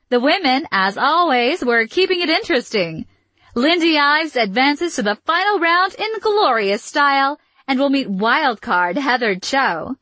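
A woman's voice: high-pitched, bright, forceful tone, no echo, full character voice. A woman voicing a perky female surf news reporter with bubbly, upbeat broadcaster patter. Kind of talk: audiobook character reading.

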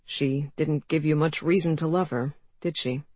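A woman reading an audiobook, voicing a steady man who speaks quietly and dryly. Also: low-pitched, measured pace, breathy edge, no room sound, exaggerated voice. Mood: gentle. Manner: dry, quiet, soothing. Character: grown man, dry-humored, gentle and steady. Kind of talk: audiobook character voice.

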